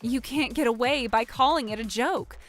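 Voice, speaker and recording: A woman voicing a calm, firm young wife in an animated story, speaking steadily. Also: fairly high pitch, normal speed, faint music behind, natural voice. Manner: steady, matter-of-fact. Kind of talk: animated story narration and dialogue.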